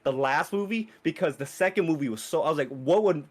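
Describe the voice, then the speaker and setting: A man co-hosting a podcast, ranting in animated casual chat with heavy swearing. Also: on the high side, quick pace. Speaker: podcast co-host.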